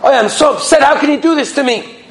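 A man's voice: medium pitch, animated, fast talker, a little mellow, roomy sound, a little hiss or hum, voice pushed down, natural voice. A man voicing a poor, illiterate old shopkeeper father who speaks in aggrieved exclamations. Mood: upset.

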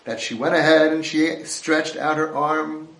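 Man, Torah lecture, impassioned, slightly high pitch, roomy echo. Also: level tone, a little slow, a bit bright. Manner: impassioned, mixes Hebrew and Yiddish terms.

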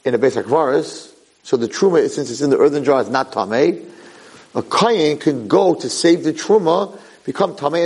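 A man's voice: on the high side, normal speed, husky, poor audio. A man giving a Torah lecture, telling stories and acting out the voices in them. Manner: animated storytelling, acting out voices. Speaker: rabbi lecturer.

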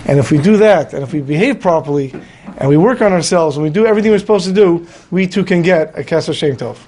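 Man, high voice, storytelling sermon, acts out characters, faint noise behind. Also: quick pace. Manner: lively storyteller acting out voices. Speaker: rabbi. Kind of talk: storytelling Torah class.

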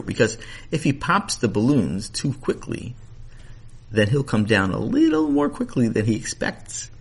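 A man telling a children's story with animated, playful narration and asides to the listener. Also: on the low side, vocal fry, breathy edge.

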